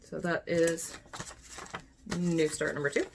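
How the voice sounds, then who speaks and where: A woman's voice: deep voice, flat delivery, slow, gravelly, slight background noise. A woman, chatting casually to her phone camera while showing cross-stitch projects, often correcting herself. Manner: chatty, self-correcting, talks to herself while handling items. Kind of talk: casual show-and-tell chat.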